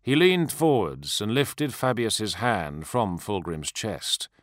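A man reading a dark fantasy novel aloud with measured, expressive narration. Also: lowish voice, dry recording, studio quality. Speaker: audiobook narrator. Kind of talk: scripted narration.

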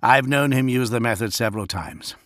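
A man voicing a grim, knowing male warlord who speaks slowly and gravely. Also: medium pitch, expressive, fairly bright tone, no room sound, clean studio sound, lightly acted. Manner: slow, grave and deliberate.

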